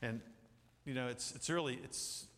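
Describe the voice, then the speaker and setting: A man's voice: medium pitch, normal speed, fairly bright tone. A middle-aged man preaching a sermon in a church, rambling with jokey asides and acted-out quotes. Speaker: pastor. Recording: hall reverb.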